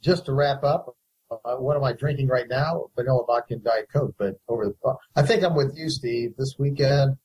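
A man co-hosting a podcast, telling a rambling, relaxed story. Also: medium pitch, moderate pace, slightly rough, low-quality recording. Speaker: podcast co-host. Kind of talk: casual chat.

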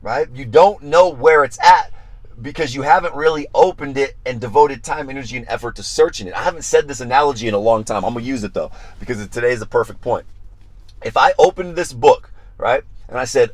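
A man preaching on a Bible study podcast, animated and emphatic, repeating phrases for emphasis and acting out prayers and their answers. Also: medium pitch, moderate pace.

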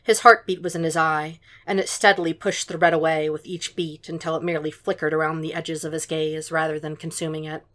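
A woman reading fan fiction aloud in a calm, measured audiobook narration. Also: deep voice. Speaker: podfic reader.

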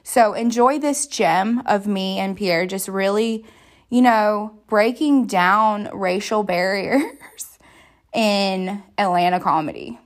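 A woman's voice: mid-range voice, gravelly. Chatty young woman podcast host. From Florida, United States. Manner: chatty, laughs often, many fillers. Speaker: podcast host, new comedian. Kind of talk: casual podcast chat.

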